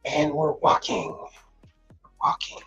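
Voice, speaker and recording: A man working as a commercial appliance technician, chatting casually on a livestream, telling stories animatedly and repeating words as he goes. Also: takes it slowly. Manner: animated storyteller, repeats words, laughs often. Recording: slightly dull audio, faint music.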